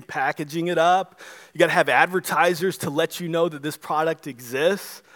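High-voiced preaching man, echoing hall. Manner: animated preaching, acting out quoted voices. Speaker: pastor. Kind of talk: sermon. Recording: long hall reverb.

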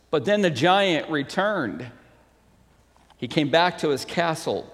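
A male pastor with a high voice preaches at a slow pace, then reads a story aloud in an expressive, swinging way. His voice carries through a church hall with a long echo. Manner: unhurried, expressive storytelling with wide pitch swings. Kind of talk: sermon with a story read aloud.

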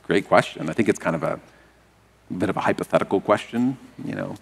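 A man preaching a sermon as pastor, animated and leading the congregation in call and response. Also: deep voice, fast talker, breathy edge, long reverb tail.

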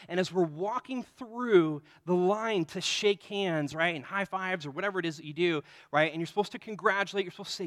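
A man preaching a sermon and telling stories in a lively way, with quick asides. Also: high voice. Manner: animated storytelling with quick asides. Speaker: pastor.

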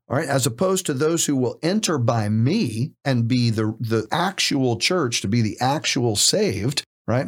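Man, podcast co-host, conversational bible teaching, emphatic, lively pitch, mid-range voice. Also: breathy edge. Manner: emphatic, quotes scripture, asks rhetorical questions.

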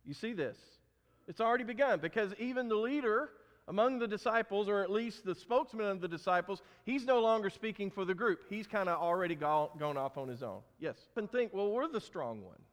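High-voiced man preaching in an echoing hall. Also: expressive, fairly quick, fairly bright tone. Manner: emphatic, asks the congregation questions. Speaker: pastor. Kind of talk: sermon.

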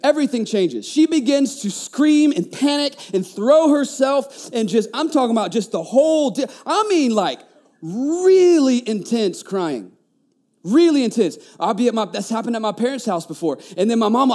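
A man, preaching a conversational sermon, telling stories with lively stammering restarts. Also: very high voice, moderate pace. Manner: animated storytelling, stammering restarts. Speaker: pastor.

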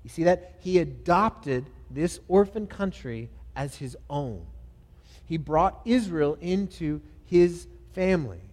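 Male pastor, fairly high voice, preaching with earnest swells, long church reverb. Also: expressive, slow pace. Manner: earnest, reads scripture aloud and leads prayer; builds to louder emphatic phrases, then drops soft. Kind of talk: sermon. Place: church sanctuary.

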